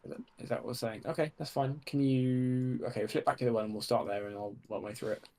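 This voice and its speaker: A man's voice: mid-range voice, level tone, fast talker, mellow. A man playing a tabletop game, chatting and joking while he plans his moves. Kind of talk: casual banter at the game table.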